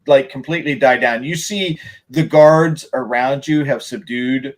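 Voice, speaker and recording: A man running a tabletop role-playing game as game master, describing scenes in an animated way and often repeating words. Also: medium pitch, a little slow. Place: home streaming setup.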